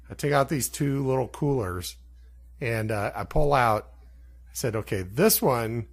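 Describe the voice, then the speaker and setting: A man's voice: mid-range voice, breathy edge. A man co-hosting a podcast, telling a story in a casual, laughing way. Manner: laughing, animated anecdote telling. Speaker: podcast co-host.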